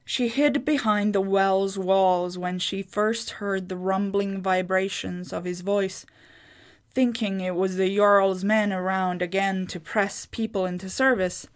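A woman narrating a fantasy short story in a measured, scripted reading. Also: mid-range voice.

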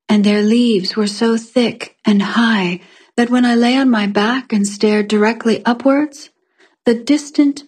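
Woman, breathy voice, mid pitch, calm scripted fiction narration.

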